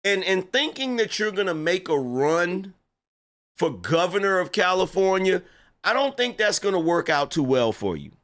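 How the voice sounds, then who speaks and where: A man's voice: high-pitched, very animated, moderate pace, fairly bright tone. A man giving mocking, sarcastic online political commentary that rambles and stammers through restarts.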